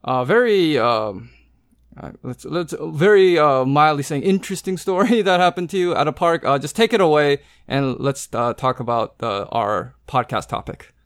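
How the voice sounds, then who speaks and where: A man's voice: a little high, lively intonation, normal speed, smooth, no room sound, studio quality. A man hosting a podcast, introducing a guest hesitantly with many uhs. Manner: hesitant, filled with uhs and restarts. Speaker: podcast host.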